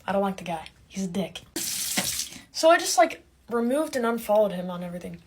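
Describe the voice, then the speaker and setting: A young woman doing a casual, sarcastic comedic monologue, animated and quick to laugh. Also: mid-range voice, background noise. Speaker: comedic creator.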